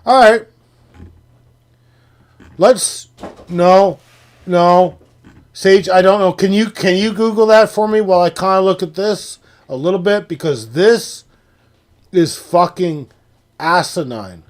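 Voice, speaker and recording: A young man with a high-pitched voice rants on a live sports stream, swearing at nearly every turn. He swings between loud, incredulous outbursts and low, grumbling asides into a desk mic. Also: takes it slowly, long pauses. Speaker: livestream host.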